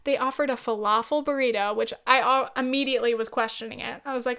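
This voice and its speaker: A woman's voice: a little high, fairly even intonation, a little fast, fairly bright tone, smooth. A woman hosting a podcast, telling a casual story in a blunt, profane way and laughing often. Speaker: podcast host.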